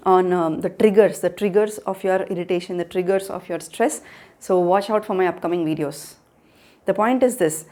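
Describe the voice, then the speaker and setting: A woman speaks straight to the camera as a parenting coach, her voice mellow and warm rather than bright. She talks earnestly, repeats her key points and keeps turning to the listener with rhetorical questions. Her pitch sits in a middle range for a woman. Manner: earnest, repetitive, addresses the viewer with rhetorical questions. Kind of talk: direct-to-camera advice talk.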